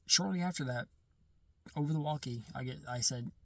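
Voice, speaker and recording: A man recounting a personal testimony in casual first-person storytelling, halting and often restarting or correcting himself mid-sentence. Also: medium pitch, dry recording, distant mic.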